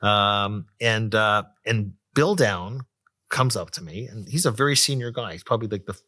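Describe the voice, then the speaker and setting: A man's voice: lowish voice, normal speed, bright, forceful tone. A middle-aged man, an economist, telling a story from his career in a chatty interview, full of fillers and restarts. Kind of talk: conversational storytelling.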